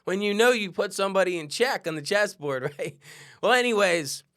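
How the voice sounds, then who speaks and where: Guy with a slightly high voice telling his own story on a podcast, chatty, keeps saying right?. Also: normal speed. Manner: animated, conversational, peppers with "right?". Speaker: podcast host. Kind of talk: storytelling monologue.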